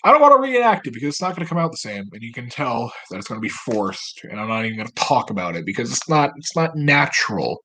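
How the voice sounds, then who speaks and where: Guy rambling to his camera at home, kinda husky, swears a lot and jokes about himself. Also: mid-range voice, very animated, fast, hardly any pauses, sharp tone. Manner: rambling, profane, self-mocking. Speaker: vlogger. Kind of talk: rambling solo monologue.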